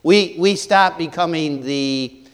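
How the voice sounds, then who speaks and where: A man preaching a sermon as pastor, halting with many fillers and restarts and asking the congregation rhetorical questions. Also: fairly high pitch, clear, resonant tone, big-room sound.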